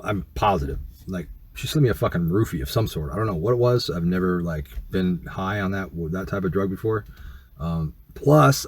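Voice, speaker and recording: Brief: fast-talking middle-aged man, low husky voice, profane rambling storyteller. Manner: rambling, profane, many fillers. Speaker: YouTuber. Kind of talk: casual storytelling.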